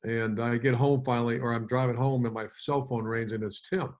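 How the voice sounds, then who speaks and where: Middle-aged coach guy telling a long story, keeps restarting sentences, mid-pitch voice. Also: fairly quick. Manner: animated storyteller with many restarts. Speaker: football coach guest. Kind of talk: storytelling in a casual interview.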